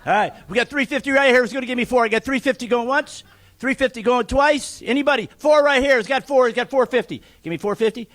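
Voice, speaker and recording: High-voiced joking man calling an auction. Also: a bit bright. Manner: joking, teasing, rapid bid calling. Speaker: charity auctioneer. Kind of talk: live charity auction calling.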